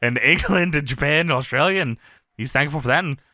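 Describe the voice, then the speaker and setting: A man co-hosting a wrestling review podcast, telling the story in an animated, profane, laughing way. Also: a little high, a little fast, dry recording, clean studio sound. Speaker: podcast co-host. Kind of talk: casual retro review chat.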